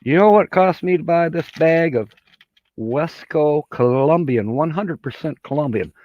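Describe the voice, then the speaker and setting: A man's voice: a little high, expressive, moderate pace, highs cut off. A man hosting a casual livestream chat, rambling in a folksy way and laughing at his own jokes. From Michigan. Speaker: livestream host.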